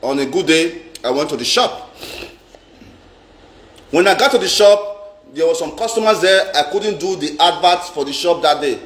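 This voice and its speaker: A man's voice: fairly high pitch, lively intonation, normal speed, long pauses, a bit bright. A Nigerian man telling a story in a dramatic, repetitive, boastful vlog rant. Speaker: vlogger. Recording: roomy echo.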